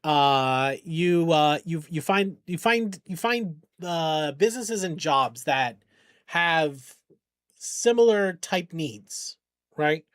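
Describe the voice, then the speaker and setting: A man's voice: fairly high pitch, animated, slow, a bit bright, dry recording, studio quality. A man live-streaming a game, chatting casually and rambling, swearing when the game frustrates him. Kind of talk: casual live-stream chat while gaming.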